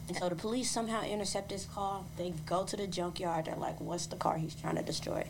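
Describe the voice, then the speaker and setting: A woman on a podcast retelling a true-crime case in a casual, animated way, slipping in voices for the people in the story. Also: medium pitch, quick pace, few pauses, background noise. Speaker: podcast co-host.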